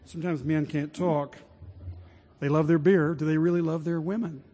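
A pastor preaching a sermon to his congregation in a large church, building to emphatic points and dropping to a hushed prayer. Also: a little high, steady tone, normal speed, husky. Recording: long hall reverb.

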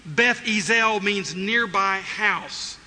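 A man's voice: high voice, slow pace, sharp tone. A man preaching an expository sermon, emphatic and acting out the voices he quotes. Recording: reverberant hall, faint noise.

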